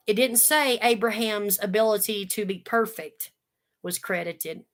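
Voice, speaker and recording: A woman's voice: mid-range voice, measured pace. A woman giving a casual Bible study talk, conversational and earnest, with folksy asides. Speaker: Bible teacher.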